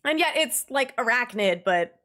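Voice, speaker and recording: Chatty young woman streamer, animated. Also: fairly high pitch, moderate pace. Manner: animated, exasperated ranting with laughs. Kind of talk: casual livestream chat.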